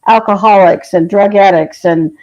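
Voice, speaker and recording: A woman's voice: medium pitch, steady tone, normal speed, darkish tone. A woman guest on a podcast telling spiritual stories in an earnest, compassionate way, recorded with dull lo-fi sound. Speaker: shaman guest.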